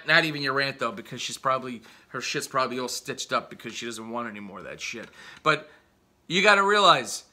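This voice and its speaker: A man's voice: a little high, pushed and bright. A male comedian delivering an angry, profane, mocking comedy rant.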